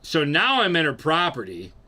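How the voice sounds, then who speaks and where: A young man casually telling a profane, animated story about himself and acting out what people said. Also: a little high, moderate pace. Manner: animated, profane, acts out quotes.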